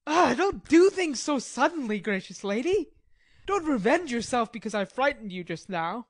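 A woman's voice: fairly high pitch, big pitch swings, moderate pace, dry recording. A woman reading the part of a weary, hungry male Swiss mercenary soldier in an audiobook drama, nervy, wry and polite.

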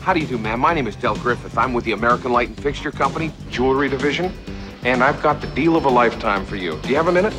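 An actor playing a friendly, talkative traveling salesman giving a smooth sales patter. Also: mid-range voice, expressive, rapid-fire, close to an everyday voice. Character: chatty, eager male traveling salesman. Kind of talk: comic film sales pitch. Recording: film audio with music bed.

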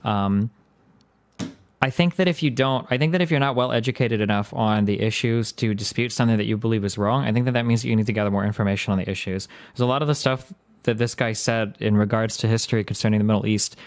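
A man's voice: on the low side, steady tone, fast. A man hosting a livestream, talking casually and rambling, correcting himself often and filling gaps with "like" and "um". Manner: rambling, self-correcting, lots of "like" and "um". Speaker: streamer and debate host.

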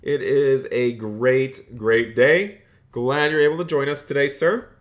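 A man's voice: mid-range voice, unhurried. Upbeat young man doing salesman patter. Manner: reads and thanks chat between lines. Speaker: streamer playing a phone store clerk. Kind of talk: live-streamed game role-play.

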